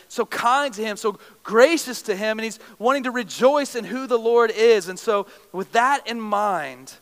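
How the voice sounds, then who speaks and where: A man's voice: high voice, fairly bright tone, smooth, big-room sound. A man preaching a sermon, retelling scripture stories in a casual, slangy way and acting out what the characters say. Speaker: pastor.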